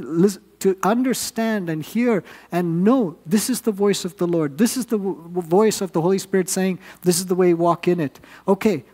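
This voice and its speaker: A man's voice: high-pitched, darkish tone, long reverb tail. Earnest man preaching a sermon. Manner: earnest, builds up with rising emphasis.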